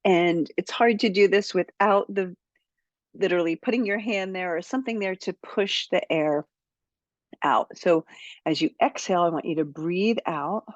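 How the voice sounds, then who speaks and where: A woman's voice: fairly low pitch, normal speed, no echo, highs cut off. A woman who coaches public speaking, giving an upbeat, direct tutorial to camera.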